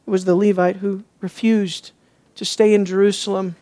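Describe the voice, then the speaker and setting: A man preaching an expository sermon. He asks rhetorical questions, swings between hushed and emphatic, and turns sarcastic when mimicking others. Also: sits high, little pitch movement, moderate pace.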